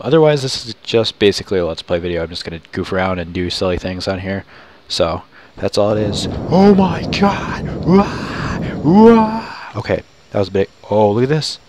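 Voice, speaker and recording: A goofy man with a fairly low voice narrates his game playthrough in a loose, joking way. He keeps breaking into sudden high yelps of excitement. A faint hiss sits under the recording. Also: fast talker. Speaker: gamer. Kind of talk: casual let's play commentary.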